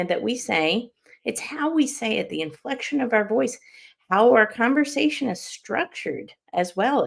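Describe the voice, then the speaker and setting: A woman hosts an interview podcast and tells a story with a lot of life in her voice. She laughs often and acts out the lines of the people in her story. Her pitch sits in the middle of the usual range for a woman. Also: vocal fry. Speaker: podcast host. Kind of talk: casual interview chat.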